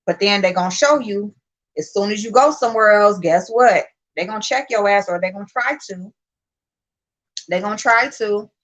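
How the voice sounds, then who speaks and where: A woman hosting a livestream, telling a story in blunt, profane, animated casual talk. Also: mid-range voice, moderate pace. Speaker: livestream host. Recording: muffled lo-fi stream audio.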